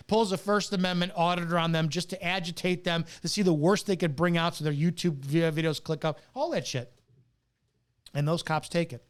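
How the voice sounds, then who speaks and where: A middle-aged man, a retired police officer, delivering a bitter, profane, preachy rant with hard stressed words. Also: fairly high pitch. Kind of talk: ranting monologue to camera.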